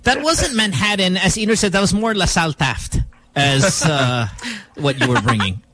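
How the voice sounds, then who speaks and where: Male radio host, from new york, fairly high voice, very animated pitch, laughs a lot. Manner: lively, quick to laugh. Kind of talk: casual radio banter.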